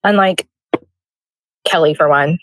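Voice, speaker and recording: Lower-voiced hesitant woman. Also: slow, a bit bright, no echo. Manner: hesitant, conciliatory.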